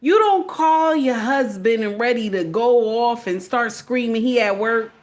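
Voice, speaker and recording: Preachy woman with a higher voice. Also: unhurried. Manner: preachy, emphatic, keeps asking "okay?". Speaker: commentator. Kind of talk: casual commentary to camera.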